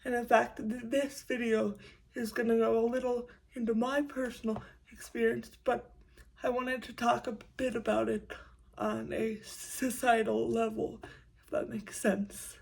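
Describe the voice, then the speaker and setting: Young woman, vlogger, hushed and congested, halting delivery with stumbles, gravelly fry at the ends of phrases. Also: fairly high pitch, level tone, poor audio. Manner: speaks quietly so roommates won't hear; halting, frequent stumbles and restarts. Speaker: YouTube creator. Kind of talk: casual vlog monologue.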